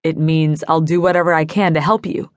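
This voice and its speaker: A woman's voice: sits low, fairly even intonation, fairly quick, dry recording, lightly acted. A woman voicing an earnest, angry young man in an audiobook, speaking in an urgent, serious manner.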